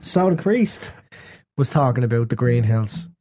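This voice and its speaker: A man's voice: mid-range voice, animated, unhurried, mellow. A young man chatting casually on a podcast, rambling through a story and laughing a lot. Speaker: podcast co-host. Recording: noisy background hiss.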